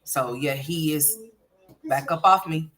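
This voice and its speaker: A woman's voice: deep voice, takes it slowly, a bit bright. A woman hosting a casual livestream, playfully scolding and teasing her young sons. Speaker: livestream host.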